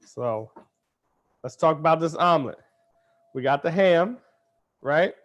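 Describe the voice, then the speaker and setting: A man's voice: a little high, expressive, measured pace, a bit bright, dull audio. A man hosting a cooking demonstration in a kitchen, talking in a playful, chatty way as he cooks. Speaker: cooking show chef.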